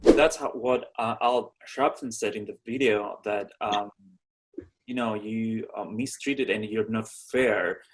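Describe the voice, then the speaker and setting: A man hosting an interview and asking probing questions in slightly halting phrasing. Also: on the low side, breathy edge, low-quality recording. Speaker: host.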